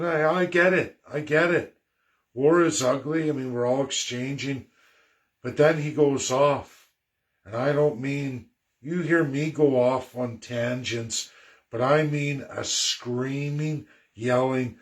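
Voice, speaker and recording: Vlogger: man, unhurried and insistent, hammering points by repeating them. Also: mid-range voice. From Canada. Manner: emphatic and repetitive, doubling phrases. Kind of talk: direct-to-camera political rant.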